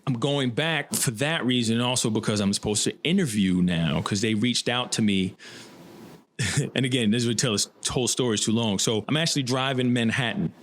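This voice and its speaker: A man, talking with a podcast host. He tells his stories in a lively way and puts on voices for the people in them. His pitch sits in the middle range for a man. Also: brisk, slight background noise. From United States. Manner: animated storyteller acting out quoted dialogue. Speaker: podcast guest. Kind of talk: storytelling in casual conversation.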